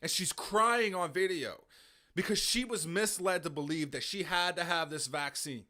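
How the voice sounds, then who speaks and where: A man's voice: sits high, moderate pace, bright, forceful tone. A man hosting a live stream, ranting in a heated, profane, repetitive way. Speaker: livestream host. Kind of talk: angry live commentary.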